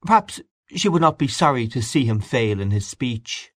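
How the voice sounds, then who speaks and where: A man reading a classic story aloud in a measured, expressive way. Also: medium pitch, no echo, studio quality. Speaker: audiobook narrator. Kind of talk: scripted narration.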